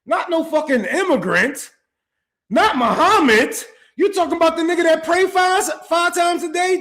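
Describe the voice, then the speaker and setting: A man's voice: extremely high pitch, normal speed, fairly bright tone. A man hosting a political commentary stream, ranting with profanity and rhetorical questions. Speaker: podcast host.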